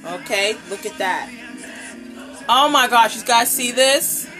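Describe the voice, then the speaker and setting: A woman with a high, bright voice hosts a live unboxing stream from home. She talks slowly and gushes with excitement, greeting her viewers by name. Her voice is picked up by a tablet microphone, with faint music behind her. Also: rough recording. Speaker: nail polish brand ambassador and livestream host. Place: indoors at home, table set up. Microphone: tablet camera microphone.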